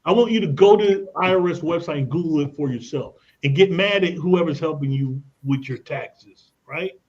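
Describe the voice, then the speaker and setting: A man's voice: fairly high pitch, moderate pace, darkish tone, muffled recording. A man appearing as a guest expert on a radio talk show, explaining in an emphatic, persuasive way with casual slang. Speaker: credit and tax expert guest. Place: radio studio.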